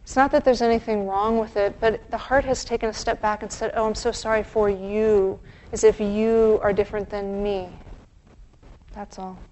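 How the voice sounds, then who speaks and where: A woman meditation teacher giving a dharma talk, gentle and reflective, with pauses. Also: medium pitch, steady tone, slight background noise, low-quality recording.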